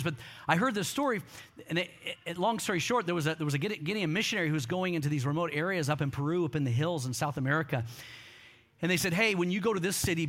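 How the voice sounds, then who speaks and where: A middle-aged pastor preaches a sermon in a fairly high, somewhat bright voice. He tells stories using quoted voices and calls on the congregation to respond.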